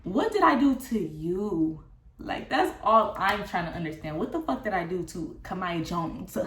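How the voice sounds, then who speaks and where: A young woman telling a casual storytime vlog, recounting a falling-out in a candid, profane and animated way. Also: fairly low pitch, measured pace. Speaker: vlogger. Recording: roomy echo.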